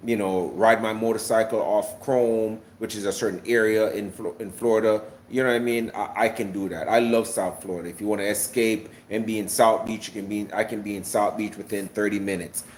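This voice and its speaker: A man's voice: on the low side, steady tone, brisk, hardly any pauses, a little hiss or hum. A man originally from Jamaica, speaking in an American accent with a light Jamaican lilt, chats casually on a livestream, rambling and repeating words as he answers viewers. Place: South Florida.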